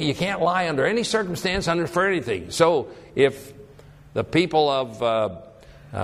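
A man preaching a sermon in an animated way. He swings between loud, high emphasis and low, quiet tones, and he often repeats and restarts words as he thinks aloud. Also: creaky. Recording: long hall reverb.

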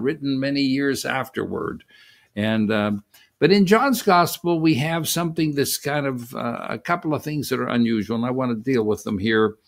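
Man preaching, gravelly voice, halting delivery with fillers and restarts. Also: mid-range voice. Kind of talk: sermon.

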